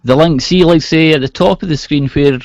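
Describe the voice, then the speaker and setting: A man's voice: a little high, brisk, a little mellow, no echo. A man co-hosting a casual live-stream chat, easygoing and prompting with short replies. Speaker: co-host of a film review live chat. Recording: dry muffled lo-fi stream audio.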